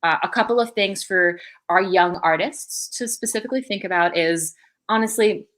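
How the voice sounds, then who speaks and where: A woman's voice: medium pitch, normal speed, a bit bright. A woman, an associate director, chatting casually in an online video, with many fillers and laughs. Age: adult.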